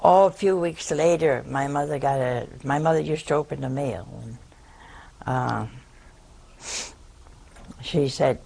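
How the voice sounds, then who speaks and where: Slow, gravelly older nun telling stories. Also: female voice, low-pitched, warm tone, slight background noise, low-quality recording. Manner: folksy, self-mocking, chuckling raconteur. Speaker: nun, head of a religious community. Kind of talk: humorous personal storytelling to an audience.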